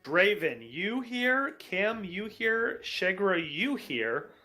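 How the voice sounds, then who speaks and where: A man running a tabletop game as dungeon master, narrating in a brisk, animated way. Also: high-pitched, soft background music.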